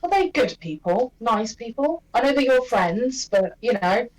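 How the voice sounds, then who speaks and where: A woman's voice: a little high, lively intonation, measured pace, a little mellow, low-quality recording. A woman playing in a tabletop game, chatty and teasing as she questions another character. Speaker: player. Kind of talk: casual tabletop game chat.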